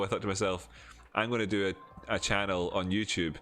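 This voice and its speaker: A man with a deep, low voice talks off the cuff on his livestream. His casual chat wanders and doubles back on itself as he restarts sentences mid-thought. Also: steady tone, a little fast, a bit bright, soft background music. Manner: rambling, restarts sentences, chatty aside. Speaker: crypto chart analysis livestream host.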